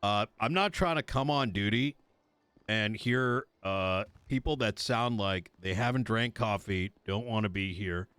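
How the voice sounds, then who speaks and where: A man's voice: on the low side, measured pace, a bit bright, clear, resonant tone, dry recording. A man playing a police chief in a streamed roleplay, lecturing his officers in a blunt, profane way. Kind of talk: streamed roleplay meeting speech.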